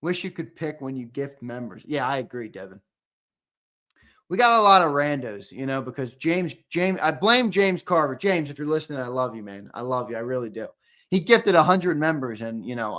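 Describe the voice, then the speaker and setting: A young man hosting a live-stream giveaway, chatting and teasing viewers in casual banter, with loud hyped countdowns between low mumbled asides. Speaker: show host running a live-stream giveaway.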